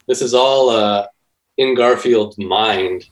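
A man's voice: lowish voice, slow pace, poor audio. A laid-back male podcast guest. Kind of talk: casual comedic chat. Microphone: remote call.

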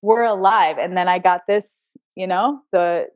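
A woman's voice: fairly low pitch, a little slow, no room sound. Earnest woman telling a personal story. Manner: earnest and spiritual, repeats words as she searches. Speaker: podcast guest, acupuncturist. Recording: dry, slightly dull recording.

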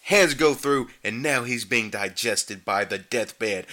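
Male comic reviewer, sarcastic and animated, bright forward tone. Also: takes it slowly. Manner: sarcastic, animated, mocks the acting with squeaky imitations. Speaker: movie reviewer. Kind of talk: comedic movie recap.

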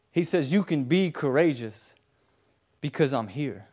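A man preaching a sermon, earnest and repetitive, building up and then dropping to soft, hushed tones. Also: on the high side.

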